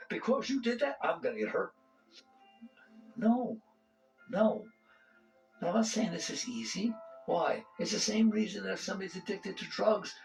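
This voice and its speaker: A man's voice: on the high side, vocal fry, low-quality recording. A man giving a conversational spiritual talk to an audience. He asks rhetorical questions and often chuckles. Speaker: spiritual teacher.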